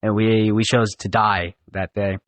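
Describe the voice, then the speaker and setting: A young man in a podcast studio, telling animated, profane stories in a casual, rambling way. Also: fairly low pitch, measured pace, no room sound. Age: young adult. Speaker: podcast guest. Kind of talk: casual storytelling.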